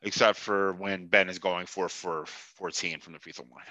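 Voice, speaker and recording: A man's voice: low voice, fairly even intonation, moderate pace, sharp tone, no room sound, lo-fi sound. A man hosting a sports podcast, ranting with profanity and sarcasm and laughing at his own jokes. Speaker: podcast host. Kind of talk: heated sports podcast rant.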